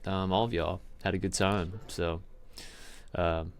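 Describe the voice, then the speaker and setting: A man's voice: low-pitched, fairly even intonation, a little slow, clean tone. A young man hosting a podcast, telling rambling stories in casual chat, laughing often and acting out other people's lines. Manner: rambling storyteller, laughs often, mimics voices. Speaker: podcast host.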